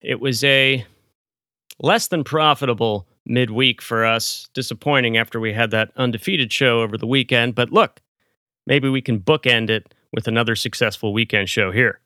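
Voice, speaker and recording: Bright, crisp-voiced American man joking on a podcast. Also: medium pitch, moderate pace, dry recording, studio quality. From United States. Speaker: podcast co-host. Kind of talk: casual podcast analysis.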